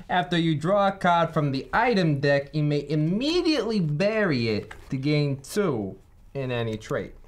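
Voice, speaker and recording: A man's voice: on the high side, big pitch swings. A man playing in a board game session, joking as he introduces his character. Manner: slow, joking. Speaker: player.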